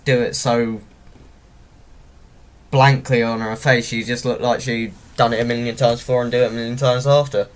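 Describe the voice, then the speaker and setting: A man's voice: medium pitch, a bit bright. A young man giving a casual spoken review of a TV episode, enthusiastic and rambling, often restarting his sentences.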